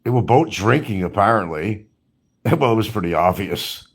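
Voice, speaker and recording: Angry swearing man, lively pitch. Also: normal speed, husky. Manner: profane, scolding, heated rhetorical questions. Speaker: commentary streamer. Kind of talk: angry ranting commentary.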